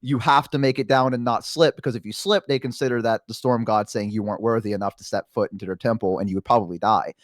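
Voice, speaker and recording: A man guest on a chat stream, telling a long story in an animated, rambling way, acting out voices. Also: lowish voice, quick pace, hardly any pauses, dry recording, studio quality. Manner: rambling, self-conscious asides.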